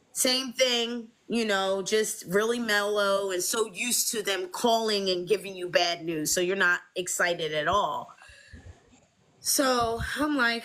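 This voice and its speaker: Woman, young adult, bright clear voice, casual storytelling, animated quoted voices. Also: measured pace. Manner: animated, acts out quoted voices in high pitch. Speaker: guest sharing her fertility journey.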